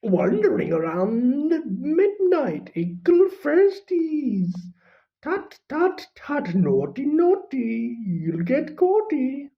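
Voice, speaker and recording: Peeves, shrill cackling poltergeist. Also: sing-song, slow pace, vocal fry, full character voice. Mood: gleeful taunting. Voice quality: shrill, sing-song, taunting. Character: mischievous cackling male poltergeist. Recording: dull lo-fi recording.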